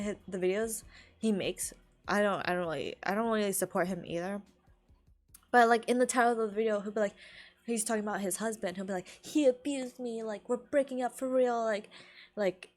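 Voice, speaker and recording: A young woman from California chatting casually on a live stream, rambling, laughing often and filling her talk with "like". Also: mid-range voice.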